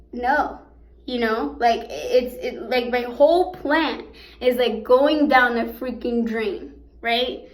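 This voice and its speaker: Young woman, high voice, animated storytime vlog, chatty with fillers and swearing, echoey room. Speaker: vlogger.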